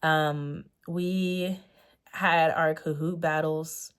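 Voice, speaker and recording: A young woman in a relaxed sit-down vlog, her voice sitting a touch low. She rambles earnestly, circling back and fixing her words as she goes. It sounds like she is thinking out loud. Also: drawn-out words, smooth. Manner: rambling, earnest, self-correcting with many fillers. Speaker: vlogger. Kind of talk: sit-down reflective chat.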